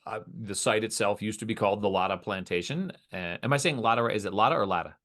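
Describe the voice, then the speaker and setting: A man's voice: fairly low pitch, fast talker, a bit bright. A man interviewing a guest, asking polite, careful questions with small hesitations.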